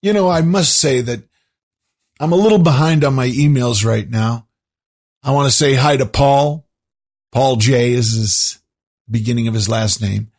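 A man's voice: mid-range voice, measured pace, pauses often, a little mellow. A man hosting his own show, talking to his listeners in a rambling, conversational way full of asides. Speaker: show host. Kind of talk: casual monologue to listeners.

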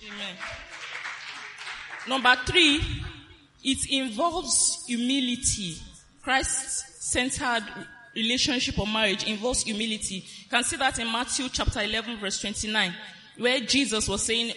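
A woman preaches on marriage in a high, bright voice that rings through a hall with a long reverb tail. She is animated and laughs easily, and she lifts her phrases into a sing-song lilt. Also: measured pace. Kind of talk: sermon.

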